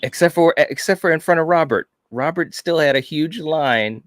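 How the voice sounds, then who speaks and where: A man's voice: on the high side, moderate pace, no room sound, studio quality. A man co-hosting a casual chat, telling stories with enthusiasm and lots of "you know". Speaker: podcast co-host.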